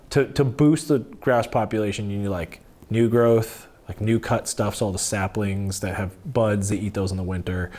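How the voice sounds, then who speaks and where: A man talking as a podcast guest, telling animated stories in casual, profane conversation. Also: lowish voice.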